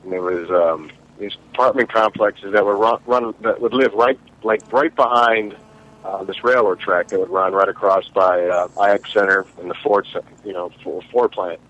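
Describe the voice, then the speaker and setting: A man from Ohio recalling a story as a radio show co-host in casual chat, halting and rambling with many restarts. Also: lowish voice, fairly even intonation, a bit bright, lo-fi sound. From Ohio, USA.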